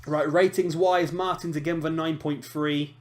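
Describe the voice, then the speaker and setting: Here the same kind of gaming commentator sounds higher-pitched and steady, keeping a normal pace. He narrates his football game in a chatty, self-mocking way, reacting out loud to each play in casual let's-play style.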